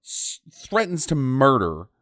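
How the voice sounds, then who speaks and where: A man's voice: medium pitch, wildly swooping pitch, slow pace, a bit bright, no echo, clean studio sound. A man in casual podcast chat who recaps a film sarcastically, swears freely, and acts out the characters' lines with exaggerated voices. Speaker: podcast co-host.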